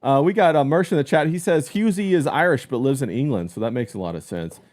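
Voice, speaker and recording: A man hosting a casual stream, loose and joking, with frequent laughs between lines. His voice sits at an ordinary male pitch and moves up and down a lot as he talks. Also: animated, fast talker, a little mellow. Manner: laughs often, plugs things, loose and joking. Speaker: stream host. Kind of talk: casual chat.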